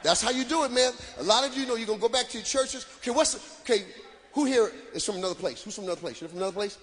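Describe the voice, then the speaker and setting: A man performing live stand-up comedy, loud and animated, shouting punchlines to the crowd from a stage. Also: sits high, rapid-fire, background noise. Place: stage before a live audience.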